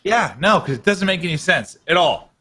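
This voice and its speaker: Male esports co-caster, bright and a touch high; playful, teasing banter. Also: animated, normal speed. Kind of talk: live esports commentary.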